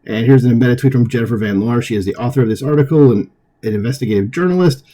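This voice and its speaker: Dark-voiced man reading news with asides. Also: mid-range voice, fast. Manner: conversational asides with frequent fillers and chuckles. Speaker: political commentary host. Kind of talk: casual commentary reading an article aloud.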